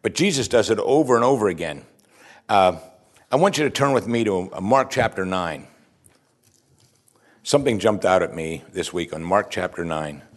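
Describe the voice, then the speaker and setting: A man's voice: on the low side, animated, moderate pace, long pauses. A man preaching a sermon, reading scripture aloud and stopping to comment, talking conversationally and asking his listeners questions. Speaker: pastor.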